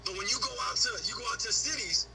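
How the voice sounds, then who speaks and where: Man, Honduran, podcast guest, high voice, rapid-fire, emphatic and swearing. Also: loud music behind the voice, rough recording. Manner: blunt, profane and emphatic. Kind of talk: heated casual conversation.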